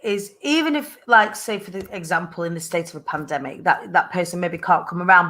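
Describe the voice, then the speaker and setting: A woman's voice: fairly low pitch, fairly quick, hardly any pauses, bright, forceful tone. A British woman hosting a casual interview show, rambling and searching for her words. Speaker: show host.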